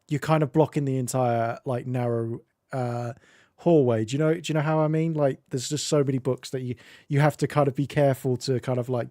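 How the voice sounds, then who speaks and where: A British man on a stream, talking casually and rambling through a story. His voice is mid-pitched and sounds dry and close to the mic. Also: mellow, dry recording. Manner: chatty, rambling, laughs often. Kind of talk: casual chat.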